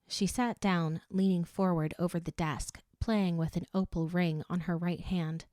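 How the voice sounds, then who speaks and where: A woman's voice: fairly low pitch, steady tone, measured pace, few pauses, darkish tone, no echo, clean studio sound. Woman reading an audiobook aloud. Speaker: audiobook reader. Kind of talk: audiobook narration.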